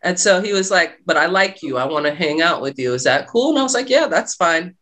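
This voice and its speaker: A woman's voice: fairly low pitch, animated, fairly quick, fairly bright tone. A middle-aged woman, a guest telling a personal story in a casual interview, acting out the dialogue as she goes. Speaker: guest, love and life coach.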